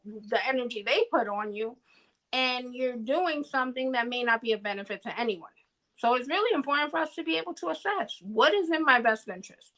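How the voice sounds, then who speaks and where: A woman co-hosting a podcast in relaxed, reflective conversation. Her voice sits high and sounds bright and clear. She speaks earnestly and thinks aloud, often checking in with "you know what I mean?". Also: rough recording. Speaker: podcast co-host. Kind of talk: casual reflective chat.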